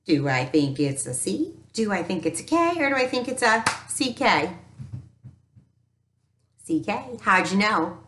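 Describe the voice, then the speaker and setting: A woman teacher giving a recorded phonics lesson to young children, upbeat and encouraging, sounding out each letter slowly. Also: mid-range voice, sing-song, a bit bright, slight background noise. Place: home teaching space with an easel. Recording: echoey room.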